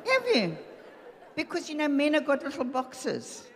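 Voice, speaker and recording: A woman's voice: sits high, wildly swooping pitch, measured pace, big-room sound, crowd noise, background noise. An older woman preaching a sermon with humor, acting out the voices of husbands and wives as she talks about marriage. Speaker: pastor's wife preaching. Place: church hall.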